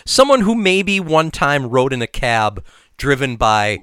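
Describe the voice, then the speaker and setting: A man's voice: mid-range voice, big pitch swings, measured pace, fairly bright tone, clear, resonant tone, no echo, studio quality. A man co-hosting a podcast, talking through his points step by step in casual discussion. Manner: thoughtful, explains step by step. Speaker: podcast co-host.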